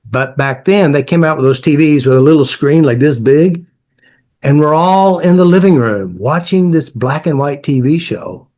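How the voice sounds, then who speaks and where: This man, an emotional therapy coach, uses client anecdotes to explain his thinking, repeating himself and listing ideas directly in short bursts. His voice runs on the high side, slightly mellow, at normal speed.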